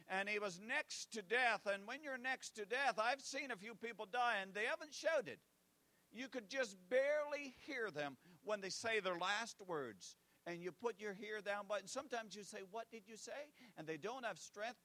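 A man with a high-sitting voice preaches a sermon, alternating loud declarations with hushed asides and repeating key phrases for effect. There's no room sound on the recording.

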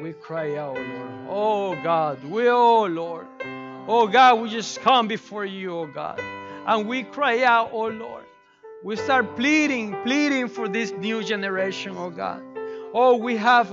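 A man's voice: high voice, highs cut off. A male pastor leading a sermon and altar prayer, pleading fervently and repeating his cries to God. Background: keyboard music.

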